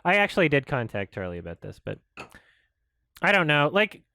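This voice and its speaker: A frustrated man rants on his commentary show. His voice sits high and leaps all over the place as he swears and vents. The sound is dry, with no room echo. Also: normal speed, gravelly. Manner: frustrated, swearing, animated ranting. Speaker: YouTube commentator. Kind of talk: ranting commentary.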